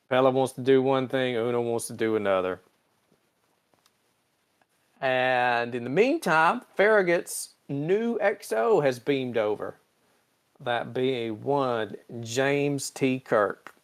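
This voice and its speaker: A man with a smooth, mid-range voice hosts a podcast, casually recapping an episode and running through scenes by briefly mimicking characters' lines in quick voices.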